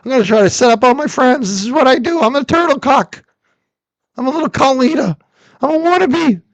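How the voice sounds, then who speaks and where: A man mocks a self-pitying grown man who whines about his lot in a high, nasal, squealing voice. The whine stays thin and dry up close, with each complaint stretched out. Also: expressive, a little fast, no echo. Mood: whiny mocking. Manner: whining, mocking high falsetto.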